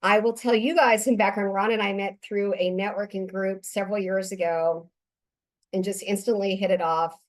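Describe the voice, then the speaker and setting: A woman's voice: mid-range voice, fairly even intonation, moderate pace. A woman hosting an interview, upbeat and enthusiastic as she introduces her guest. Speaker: interview host. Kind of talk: casual interview talk.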